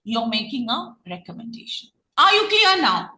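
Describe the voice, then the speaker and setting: A woman's voice: fairly high pitch, big pitch swings, normal speed, bright, forceful tone, roomy sound, poor audio. A woman with a Malayali English accent, a trainer running an online reading class, who asks students many questions and often restarts her sentences.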